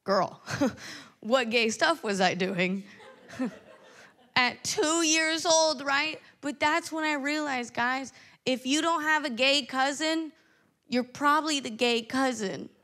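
A woman's voice: sits high, slow pace, sharp tone. Upbeat woman doing stand-up comedy. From Sacramento, California. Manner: upbeat, self-deprecating punchlines. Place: stage in a live comedy venue.

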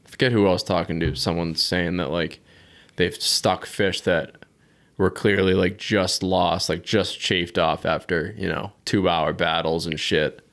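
A deep-voiced man from the northeastern United States hosts a laid-back podcast conversation. He asks easygoing, curious questions and swears casually. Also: fairly even intonation, a little slow, fairly bright tone. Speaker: podcast host.

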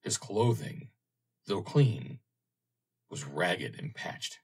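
A man reading an audiobook, narrating in a measured, expressive way. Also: low-pitched, breathy edge.

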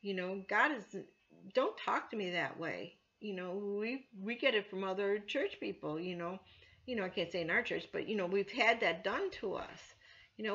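A woman's voice: mid-range voice, lively intonation, moderate pace, fairly bright tone. Earnest woman teaching scripture, lo-fi. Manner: conversational, many "you know" fillers, earnest. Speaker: church elder teaching scripture. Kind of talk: informal Bible teaching. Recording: dull lo-fi recording.

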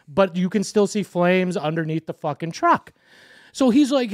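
A man's voice: high-pitched, normal speed, no room sound, clean studio sound. A man co-hosting a podcast, telling a story in casual chat and swearing freely. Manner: animated storyteller, swears a lot. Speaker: podcast co-host.

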